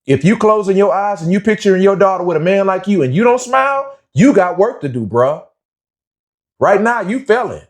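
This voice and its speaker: Man, young adult, preachy, lecturing, fairly high-pitched. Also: animated, moderate pace. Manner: preachy, slangy, lecturing, says "bruh" often. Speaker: commentary vlogger. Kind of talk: opinionated commentary monologue.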